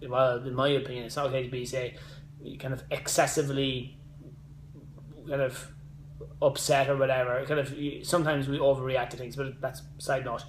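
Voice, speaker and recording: Chatty fitness coach, echoey room. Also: male voice, medium pitch, little pitch movement, normal speed, slight background noise. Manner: chatty, rambling with side notes and motivational asides. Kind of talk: casual live-stream monologue.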